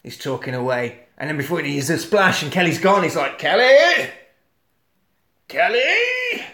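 A man recapping a film on a comedy podcast, animated and sweary, breaking into shouted voices of the characters. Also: fairly high pitch, quick pace, roomy sound.

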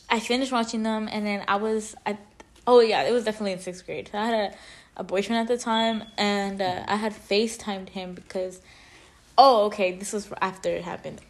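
Young female co-host, casual chat, animated storyteller with heavy filler words. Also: mid-range voice. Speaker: podcast co-host.

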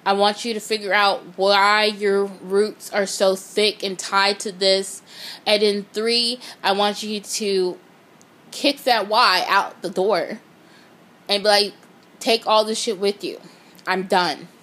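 A woman's voice: mid-range voice, little pitch movement, slow, fairly bright tone. A woman giving a blunt, profane motivational talk, speaking straight to her viewers. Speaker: motivational vlogger.

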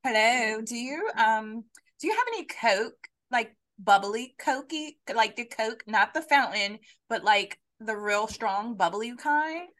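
A woman voicing a bubbly, ditzy young woman, in a drawn-out, sing-song valley-girl drawl. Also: on the high side, lively intonation, fairly bright tone.

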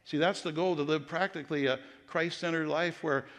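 A middle-aged pastor delivers a sermon in a church sanctuary, telling personal stories conversationally and restarting his sentences often. His voice is a little high, steady and fairly bright, at a fairly quick pace. The reverberant church hall echoes around him.

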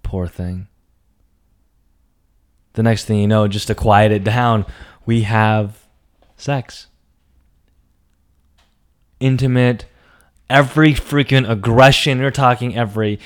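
Young male storyteller, lowish voice, dramatic and profane, personal monologue. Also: steady tone, takes it slowly, long pauses, clean tone. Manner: dramatic, swings between hushed and emphatic, profane.

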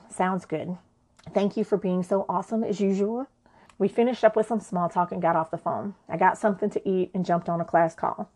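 A woman's voice: fairly low pitch, a little mellow. A woman narrating a personal story in a frank, conversational way, swearing freely.

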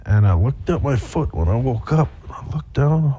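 A man's voice: medium pitch, animated, moderate pace, dark tone, dull audio, slight background noise. A young man hosting a podcast, telling a rambling, profane personal story with many fillers. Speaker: podcast host. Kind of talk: casual storytelling monologue.

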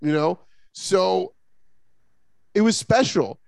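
A man co-hosting a casual sports talk podcast, rambling and animated with lots of fillers and restarts. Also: sits high, slow, gravelly, dry recording. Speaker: podcast co-host.

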